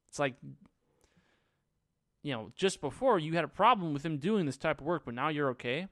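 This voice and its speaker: A movie reviewer recaps a film on his own, rambling, sarcastic and full of fillers. His medium-pitched voice is fairly bright with lively intonation at a moderate pace, captured dry in studio quality.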